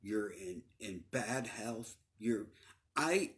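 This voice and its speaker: A man's voice: lowish voice, animated, extremely slow, a bit bright. A middle-aged man telling his own story casually, swearing often, stumbling over repeated words and sometimes sinking to a near-whisper. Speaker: storyteller recounting his life.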